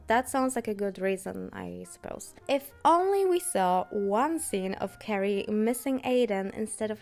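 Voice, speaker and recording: A nasal-sounding woman who is sick with the flu talks through a TV review in a scripted but chatty way. Her tone runs sarcastic and teasing, her pitch sits mid-range, and faint music plays underneath. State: has the flu. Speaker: TV series reviewer. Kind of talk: scripted video commentary.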